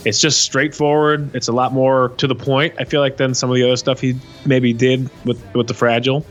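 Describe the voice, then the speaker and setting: A man's voice: mid-range voice, little pitch movement, a little fast, highs cut off. Rambling, enthusiastic man with faint music. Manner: rambling and enthusiastic, many restarts. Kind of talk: casual discussion of music.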